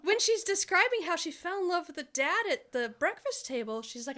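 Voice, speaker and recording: A woman with a high, bright voice that swoops up and down as she chats about a film. She tells it with energy, laughing as she goes. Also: a little fast. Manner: animated, laughing, quotes characters in voices. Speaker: podcast guest. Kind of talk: casual chat.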